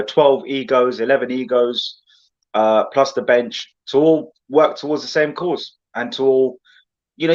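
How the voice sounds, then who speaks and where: A guest on a casual football chat show, this man rants passionately and at length, animated and calling everyone "mate." His voice is medium-pitched and the audio sounds dull.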